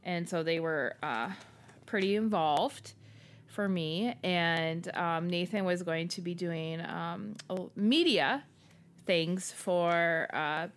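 A middle-aged woman co-hosting a podcast, telling a story in an animated, self-deprecating way. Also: on the low side, slow pace. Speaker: podcast co-host. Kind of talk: casual storytelling chat.

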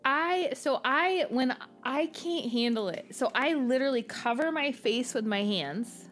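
A middle-aged woman co-hosting a podcast, telling a story in an animated, self-deprecating way. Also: high-pitched, unhurried, soft background music. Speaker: podcast co-host. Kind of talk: casual storytelling chat.

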